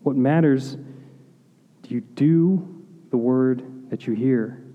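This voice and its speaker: A man preaching a sermon, earnest, asking rhetorical questions and dropping to quiet intensity at key points. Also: mid-range voice, very slow, narrow, tinny audio. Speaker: pastor. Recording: long hall reverb.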